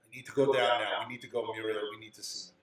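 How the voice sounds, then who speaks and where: A man voicing a harried family head who speaks in a brisk, worried and commanding way. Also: fairly low pitch, steady tone, far from the mic, crowd noise, close to an everyday voice. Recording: echoey, off-mic.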